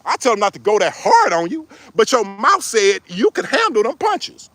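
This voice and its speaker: High-pitched, animated middle-aged man. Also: moderate pace, no room sound. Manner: animated, joking, preachy. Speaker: relationship advice vlogger. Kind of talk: casual advice monologue.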